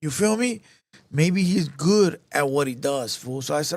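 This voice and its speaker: A man's voice: a little high, expressive, unhurried, a little mellow, no echo. A man hosting a live show, telling a heated, profane story in casual street slang, repeating himself as he goes.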